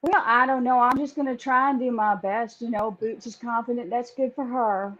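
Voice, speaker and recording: A woman's voice: fairly high pitch, fairly even intonation, normal speed, a bit bright, lo-fi sound, natural voice. A woman putting on a sweet drawling lady. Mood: sweet, humble. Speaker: trivia contestant.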